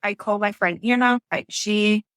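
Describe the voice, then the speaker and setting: A woman in her thirties telling her birth story as a podcast guest, lively and quick to act out what people said. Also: medium pitch, dry recording. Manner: animated storytelling, acts out quotes.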